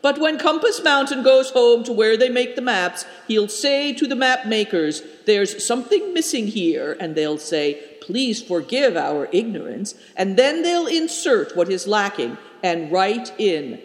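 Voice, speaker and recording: A man's voice: high voice, sing-song, measured pace, few pauses, voice pushed up, full character voice. A man voicing a brusque, scornful caravan leader who speaks curtly and irritably, in an echoey room. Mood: lofty. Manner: curt, irritable, lofty. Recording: echoey room with long reverb.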